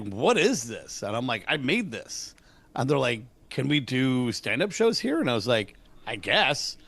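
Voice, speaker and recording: Energetic man acting out his stories. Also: mid-range voice, vocal fry. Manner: energetic, acts out dialogue with voices. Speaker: guest, comedian and voice actor. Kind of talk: casual interview storytelling.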